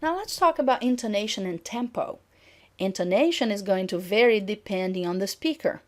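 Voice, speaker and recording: A middle-aged woman lecturing on intonation. She speaks clearly and at a measured pitch, and she acts out example sentences as she teaches. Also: lively intonation.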